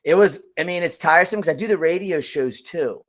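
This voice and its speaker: A man's voice: a little high, brisk. Easygoing man, slangy and upbeat. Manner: enthusiastic, casual slang. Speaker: radio and festival host, guest. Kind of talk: casual interview chat.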